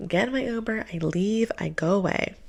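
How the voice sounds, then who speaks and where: A young woman hosting her show, telling a dating story in an animated, exasperated way with lots of filler words. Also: mid-range voice, moderate pace, vocal fry. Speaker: host. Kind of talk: storytime monologue.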